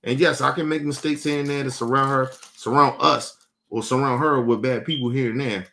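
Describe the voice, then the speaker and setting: A man at an ordinary middle pitch rants to his live chat, blunt and full of swearing. He hammers his points and often repeats or restarts words as he presses on. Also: fairly even intonation, brisk, pushed and bright, slight background noise. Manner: profane, blunt and emphatic. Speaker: livestream host. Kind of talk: casual rant to a live chat.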